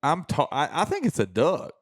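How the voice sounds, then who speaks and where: A man's voice: on the high side, huge pitch swings, no room sound. Easygoing male co-host, dry close mic. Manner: easygoing, agreeable, quick to laugh. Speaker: podcast co-host. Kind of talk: casual podcast chat.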